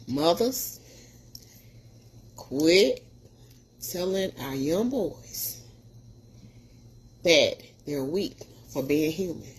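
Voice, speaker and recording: A woman podcast host with a deep, slightly rough voice speaks extremely slowly, with long pauses. In an earnest, preachy storytelling monologue, she animatedly acts out the people she quotes.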